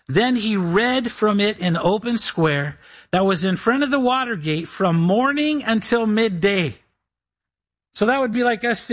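A man's voice: sits high, fairly bright tone. A man preaching as a pastor, reading scripture aloud and acting out imagined listeners. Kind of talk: sermon.

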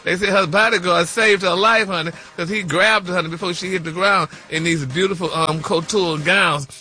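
A man's voice: high-pitched, steady tone, normal speed, bright, forceful tone. A man hosting a celebrity gossip segment on the radio, sassy and full of "honey" and "y'all". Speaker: celebrity news host.

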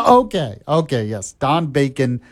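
A man's voice: mid-range voice, very animated, measured pace. A man hosting a talk radio show, chatty and laughing often. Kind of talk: casual talk radio chat.

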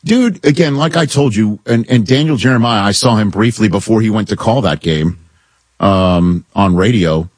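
A man hosting a sports talk show, giving opinions in an animated, incredulous way as he riffs with his co-hosts. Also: lowish voice, normal speed, husky, no room sound, studio quality.

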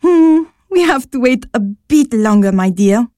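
A woman's voice: on the high side, expressive, unhurried, warm tone, dry recording, clean studio sound. A woman voicing a kind, motherly older sister who speaks soothingly and patiently in an audio drama.

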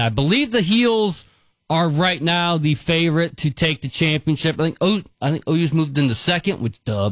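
Lively sports radio host. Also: male voice, a little high, no echo. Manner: animated, quick reactions, frequent laughs and restarts. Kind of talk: casual sports talk radio.

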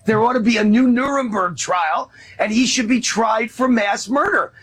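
A man's voice: extremely high pitch, moderate pace, fairly bright tone, slight background noise, rough recording. A male talk show host speaking bluntly and emphatically, raising his voice to stress a point. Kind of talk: conversational interview.

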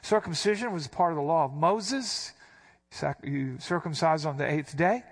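A man's voice: fairly high pitch, normal speed. A man preaching a sermon, explaining scripture verse by verse with emphatic stresses. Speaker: pastor.

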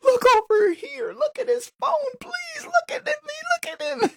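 A man voicing a frantic young wife, pleading desperately in a shrill voice. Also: animated, normal speed, creaky, exaggerated voice.

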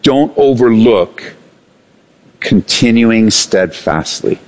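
Animated preacher with a lively voice. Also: male voice, mid-range voice, slow. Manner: animated preaching, swings between raised and hushed delivery, acts out quoted voices. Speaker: pastor. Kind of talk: sermon.

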